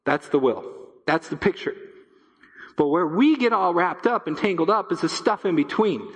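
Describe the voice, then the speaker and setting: A male pastor preaching a sermon to his church, emphatic, repeating key phrases and dropping to a low hush. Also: expressive, normal speed, big-room sound. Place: church sanctuary.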